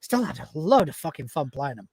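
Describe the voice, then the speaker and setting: A man's voice: fairly high pitch, sing-song, fairly quick, vocal fry, darkish tone, husky, no echo. A man with a northern English accent chatting casually as a podcast co-host, often restarting his words and swearing now and then. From north of England. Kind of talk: casual chat.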